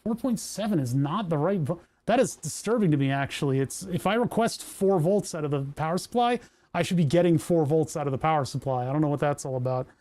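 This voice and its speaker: Mellow-voiced man grumbling at his workbench. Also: on the high side, lively intonation, fast talker. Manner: grumbling, joking to himself while tinkering. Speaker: Twitch streamer. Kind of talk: casual workbench vlog.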